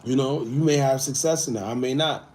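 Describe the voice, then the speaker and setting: A man hosting a casual livestream, reading viewer comments and talking in a loose, animated way. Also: medium pitch, brisk, a little hiss or hum. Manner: laid-back, animated, swings between loud and muttered asides. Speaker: livestream host.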